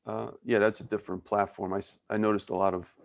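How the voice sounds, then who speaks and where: A man's voice: lowish voice, little pitch movement, fast, gravelly, highs cut off. A man with a Philadelphia accent hosting a podcast interview, asking friendly questions and often restarting his sentences. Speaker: podcast host. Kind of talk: casual interview.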